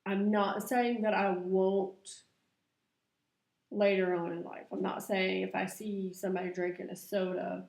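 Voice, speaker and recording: A woman's voice: medium pitch, flat delivery, a little slow, creaky, darkish tone. A middle-aged woman, chatting to camera in a confessional vlog and laughing often. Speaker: vlogger. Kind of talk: casual vlog chat to camera. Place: room at home. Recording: echoey room.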